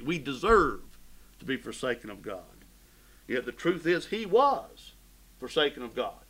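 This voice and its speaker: A preacher delivers a fervent sermon, his bright, forceful voice sitting a touch high for a man. He swells loud on key phrases and falls hushed on others, addressing the congregation directly. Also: animated, measured pace, poor audio. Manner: fervent preaching with sudden swells and drops in volume. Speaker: pastor.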